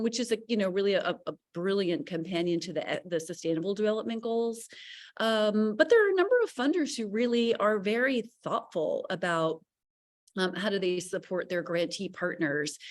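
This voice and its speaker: A woman speaking as a panelist in a casual online discussion, animated and full of restarts and asides. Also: lowish voice.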